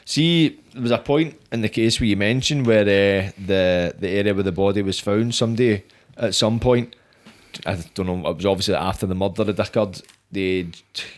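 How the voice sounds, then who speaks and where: A man hosting a podcast, asking questions slowly amid short murmured replies. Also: fairly low pitch. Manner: brief backchannel murmurs, slow questions. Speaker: podcast host. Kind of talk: casual interview.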